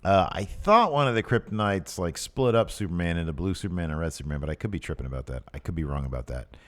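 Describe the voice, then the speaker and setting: A man's voice: low-pitched, animated, fast. A man co-hosting a casual podcast, joking around and reading out comments from the chat. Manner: jokey, reacts to live chat comments. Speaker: podcast co-host.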